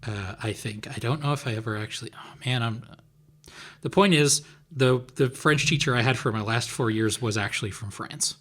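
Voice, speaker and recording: A man's voice: medium pitch, normal speed, a bit bright. A man co-hosting a podcast, rambling casually with many fillers. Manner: rambling, lots of "like" and "um". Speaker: podcast co-host. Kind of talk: casual chat.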